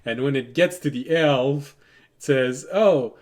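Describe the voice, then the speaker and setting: A man running a tabletop game as game master, relaxed and digressive, laughing often as he tells stories. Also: medium pitch, measured pace.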